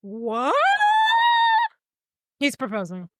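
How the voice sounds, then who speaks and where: A woman's voice: fairly high pitch, very slow, a bit bright, dry recording, clean studio sound. A woman co-hosting a podcast, recapping a movie in casual chat and acting out the characters' lines as she goes. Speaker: podcast co-host.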